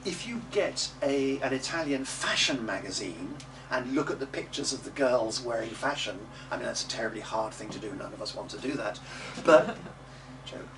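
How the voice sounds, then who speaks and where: A middle-aged man teaching a class how to say Italian words. He models each word slowly for the group to repeat and adds chatty little jokes. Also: medium pitch, expressive. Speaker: early music teacher. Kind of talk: coaching a class in Italian diction. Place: classroom or rehearsal room. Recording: distant mic in a noisy room.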